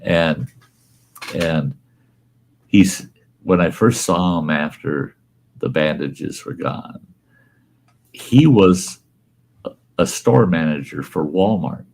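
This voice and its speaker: Host, male, middle-aged, very deep voice, animated storyteller. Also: slow pace, creaky, pauses often. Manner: animated storyteller, laughs through lines, quotes others in a raised voice. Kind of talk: casual storytelling chat.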